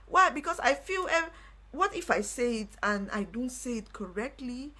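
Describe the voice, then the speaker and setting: A young woman hosting a live stream, telling a personal story in casual talk with animated delivery and repeated phrases. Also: on the high side, moderate pace. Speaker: livestream host.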